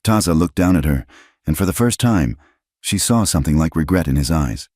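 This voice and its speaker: A man reading a frontier story as scripted narration in a slow, measured way. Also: rumbling low, a little mellow, dry recording, studio quality.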